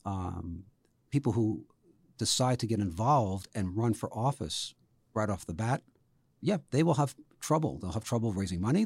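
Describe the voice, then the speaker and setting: A man with a slightly low, husky voice talks through campaign advice in a relaxed interview. He tells anecdotes and acts out the people in them. The sound is dry and close to the mic. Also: dry recording. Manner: storytelling, animated anecdotes with voiced quotes. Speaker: interview guest, campaign trainer. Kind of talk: conversational interview.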